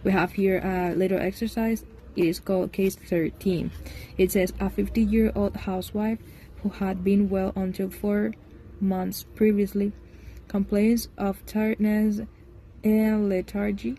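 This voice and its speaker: A woman with a mellow, warm voice reads a textbook lesson aloud, pausing to correct her own small slips. Faint background noise sits under her voice. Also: mid-range voice, flat delivery. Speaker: English teacher.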